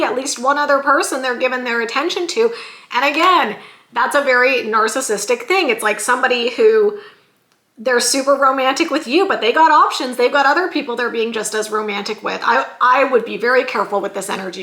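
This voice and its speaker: A woman's voice: high voice, brisk, pushed and bright, echoey room. A woman giving a casual tarot love reading, chatty and emphatic with slangy asides. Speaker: tarot reader.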